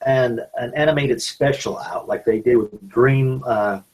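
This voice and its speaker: A man co-hosting a podcast, speaking haltingly with many pauses and fillers as he corrects details. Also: medium pitch, a little mellow, rough recording. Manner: halting, fact-correcting fan talk with many "uh"s. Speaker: podcast co-host. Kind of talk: casual podcast chat.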